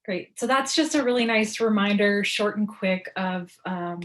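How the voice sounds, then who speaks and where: Woman running a zoom workshop, casual, says um a lot, normal pitch. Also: a little slow, heavy background noise. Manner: relaxed, informal, with fillers. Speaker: workshop presenter. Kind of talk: online workshop presentation.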